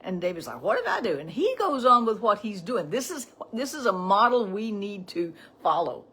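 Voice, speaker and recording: A woman's voice: medium pitch, very animated, normal speed, pushed and bright, breathy edge. A middle-aged woman giving a casual morning devotional, talking in a chatty way with frequent "right?" asides. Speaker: devotional teacher.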